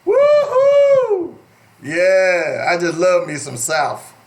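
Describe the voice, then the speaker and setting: Joking talk radio host with a drawl. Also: male voice, fairly high pitch, lively intonation, a little slow. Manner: joking, laughs often, playful put-on drawl. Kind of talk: casual talk radio banter.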